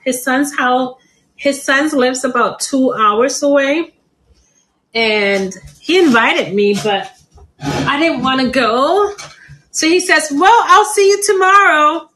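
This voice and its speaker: A woman's voice: sits high, lively intonation, slow pace, fairly bright tone, poor audio. A middle-aged woman hosting a live plant sale stream, chatty and laughing often.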